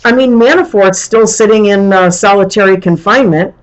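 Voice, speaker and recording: A woman's voice: mid-range voice, fairly quick, poor audio. A middle-aged woman hosting a live political commentary stream, ranting in an exasperated, rambling way with frequent restarts. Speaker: show host.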